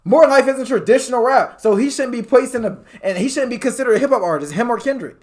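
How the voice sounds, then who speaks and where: A young man presses his point quickly and insistently. He talks in a high voice and keeps building one argument on the next. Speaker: podcast host. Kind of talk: casual debate.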